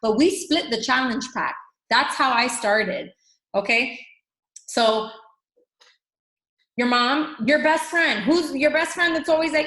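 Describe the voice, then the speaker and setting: Upbeat woman team coach, slightly high voice, echoey room, animated pep talk. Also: a little slow. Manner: animated, acts out quoted dialogue. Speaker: fitness coach team leader. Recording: roomy echo.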